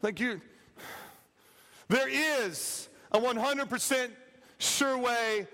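A man preaching a sermon, telling a story with animated, acted-out quotes and humor. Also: very high voice, drawn-out words. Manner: animated, acts out quotes, plays for laughs. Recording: reverberant hall.

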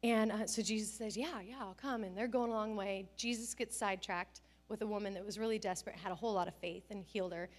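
A woman's voice: medium pitch, quick pace, hardly any pauses. A middle-aged woman pastor giving a sermon, telling family stories and acting out the people she quotes. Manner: animated storytelling, acts out family scenes and quotes with bursts of laughter.

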